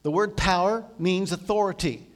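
A man with a notably high voice preaching a sermon. He tells the story with lively energy, raising and dropping his voice as he acts out what was said. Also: normal speed. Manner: animated storytelling, voicing quotes with swings from loud to soft.

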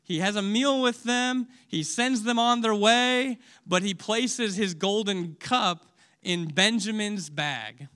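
Male preacher, high pitch, emotional sermon delivery that swings between loud and hushed. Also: slow, clean tone. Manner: asks audience questions.

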